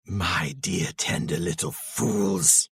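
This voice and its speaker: Grishnákh, a hissing gravelly orc. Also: male voice, low-pitched, slow pace, fairly bright tone, dry recording, clean studio sound, pitched below the performer's own voice, heavily acted. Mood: silky menace. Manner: silky threats that flare into snarling. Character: sinister male orc, menacing and hissing. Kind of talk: dramatic reading.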